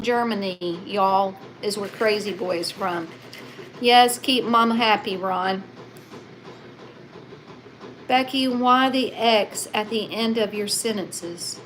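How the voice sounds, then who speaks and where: A woman hosts a relaxed livestream, reading out viewer comments in a chatty, unhurried way. Her voice sits a little high and she drawls slowly. Faint ambient noise hums under her. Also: rough recording. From Southern United States. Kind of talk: casual livestream chat.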